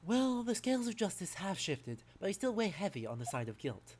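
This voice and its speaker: A stern, weighty judge who speaks slowly and gravely, pressing counsel to move along, as a woman puts him on. The voice sits lower than her own, with lively turns of pitch in a courtroom game.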